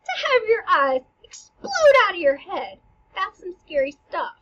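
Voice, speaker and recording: A woman giving a casual lesson that explains a play, animated and jokey, with playful asides. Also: extremely high pitch, unhurried, lo-fi sound.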